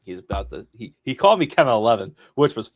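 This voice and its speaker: A man co-hosting a podcast, chatting casually and telling a story with big swings between loud and soft. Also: mid-range voice, big pitch swings, fast, vocal fry, dry recording, studio quality. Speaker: podcast co-host.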